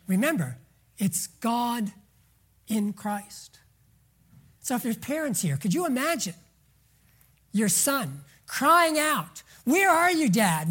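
A woman preaching a sermon, moving between soft, near-whispered lines and loud emphasis, and drawing out words slowly to stress them. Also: mid-range voice, breathy edge. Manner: slow, drawn-out words for emphasis.

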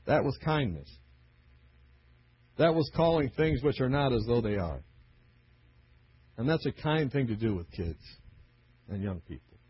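A middle-aged male preacher tells stories in a husky voice and acts out every character. His pitch sits a little high and swings widely. The recording is dry and dull. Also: no room sound. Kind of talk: storytelling sermon.

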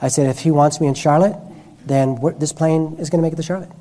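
A man's voice: on the high side, fairly even intonation, fast, dark tone. A man preaching a sermon who tells personal stories with frequent restarts and self-corrections.

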